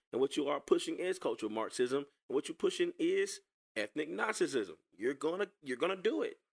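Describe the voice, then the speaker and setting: A man giving casual reaction commentary on a video clip, sarcastic and animated, often repeating himself as he talks to viewers. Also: on the high side, creaky.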